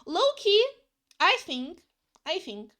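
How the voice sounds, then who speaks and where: Chatting as she draws on a stream, this young woman rambles, says things twice, and curses casually in English, which is not her native language. Her voice is fairly high and animated, moving at a measured pace.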